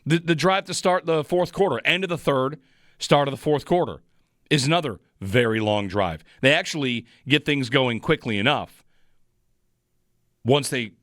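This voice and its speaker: A man's voice: medium pitch, fairly bright tone, no room sound, studio quality. Man hosting sports talk radio. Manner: rambling, frustrated analysis with restarts.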